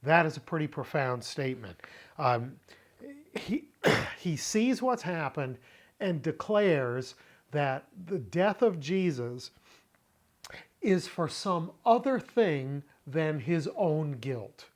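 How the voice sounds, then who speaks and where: A man hosting a teaching show on Bible Greek, talking slowly and deliberately, with pauses, fillers and throat clearing. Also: on the high side, sing-song. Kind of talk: unscripted teaching talk.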